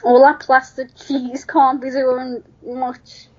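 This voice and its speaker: A woman's voice: high voice, flat delivery, slow, darkish tone. A woman co-hosting a podcast, trading dry, sardonic retorts in casual chat. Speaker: podcast co-host. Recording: dull lo-fi podcast audio.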